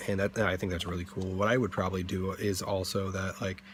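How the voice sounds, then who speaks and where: Young guy with a deep voice riffing about game rules, loose and rambly, faint hum behind. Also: little pitch movement, a little fast. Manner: rambling, with fillers and self-corrections. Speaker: D&D channel host. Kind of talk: casual rambling commentary.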